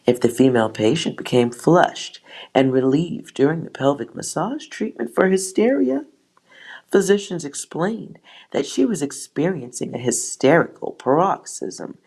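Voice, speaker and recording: Woman, low voice, reading aloud, wry asides, tarot channel host. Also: big pitch swings, unhurried, a little mellow, breathy edge. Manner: reads from a text, breaks off with sighs and wry asides.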